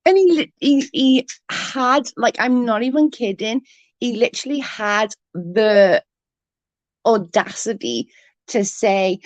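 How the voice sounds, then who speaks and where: A woman's voice: on the high side, takes it slowly, no echo. Blunt, foul-mouthed woman ranting. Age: 30s. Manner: blunt, profane, mocking. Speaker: online drama commentator. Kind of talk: ranting live-stream chat.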